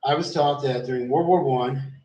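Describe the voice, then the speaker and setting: A man's voice: medium pitch, moderate pace, warm tone, a little hiss or hum. A man telling a loose, rambling story in casual chat, swearing freely and trailing off in fillers. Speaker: vlogger. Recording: roomy echo, distant from the mic.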